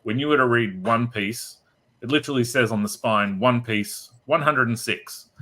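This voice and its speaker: Man, host, bright forceful voice, teasing, chatty. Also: mid-range voice, moderate pace. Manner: playful, teasing storyteller. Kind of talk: casual panel chat.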